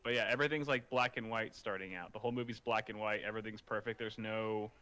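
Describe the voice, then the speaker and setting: Laid-back man with a bright voice. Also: on the low side, fairly even intonation, fast. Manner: laid-back, joking, loose with swearing. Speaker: tech show co-host. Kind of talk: casual livestream chat.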